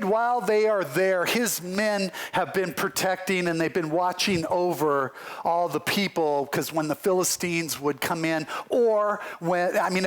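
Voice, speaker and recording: Animated high-voiced male pastor. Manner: animated storytelling with acted-out voices. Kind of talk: sermon. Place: church livestream.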